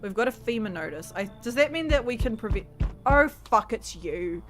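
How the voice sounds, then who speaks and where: A woman's voice: fairly high pitch, lively intonation, moderate pace, faint music behind. A woman streamer giving casual, chatty commentary while she plays a game, often trailing off mid-sentence. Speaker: VTuber streamer.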